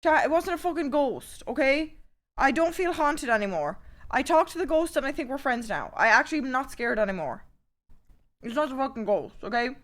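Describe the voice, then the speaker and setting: A young woman streaming live, chatting casually and cursing freely, given to loud rants. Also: high-pitched, expressive, a little fast. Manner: foul-mouthed, swings into loud ranting outbursts.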